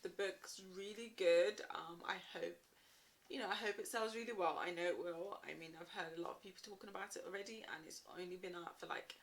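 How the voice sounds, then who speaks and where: A woman's voice: on the low side, fairly even intonation, fairly quick. A young woman vlogging casually to camera about books, in a playful, teasing, chatty way. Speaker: book vlogger.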